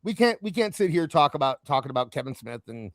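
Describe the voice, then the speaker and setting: A man's voice: fast, no echo. A man hosting a casual wrestling talk show, chatting and rambling with a co-host. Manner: animated, rambling, jumps in pitch. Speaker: podcast host.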